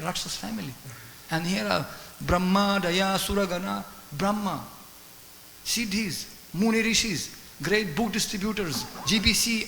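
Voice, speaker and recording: A man giving a sermon as a guest speaker, telling stories in an animated way, acting out dialogue and chanting Sanskrit verses. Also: sits high, vocal fry. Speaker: guest speaker at a temple class. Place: temple hall. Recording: echoey temple hall with faint hiss.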